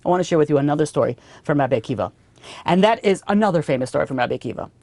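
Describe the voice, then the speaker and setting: A man's voice: fairly high pitch, animated, racing, a little mellow, dry recording. A man teaching a class as a rabbi, telling stories animatedly and often repeating and restarting his phrases. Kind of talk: storytelling Torah lesson.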